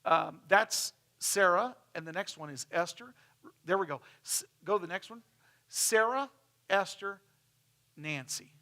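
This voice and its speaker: A man with a twang gives a casual sermon, walking his congregation through a slideshow with chatty asides. His voice is bright and a little raised in pitch, and he slips into the voices of the people in his stories. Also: lively intonation, a little slow. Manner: chatty, storytelling, acts out quoted people. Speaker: pastor. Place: church.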